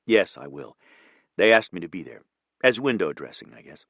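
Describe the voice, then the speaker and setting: A male narrator voicing an exhausted, kind businessman who teases gently. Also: sits low, sing-song, normal speed, gravelly, dry recording, exaggerated voice. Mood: tired, warm. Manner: gentle teasing.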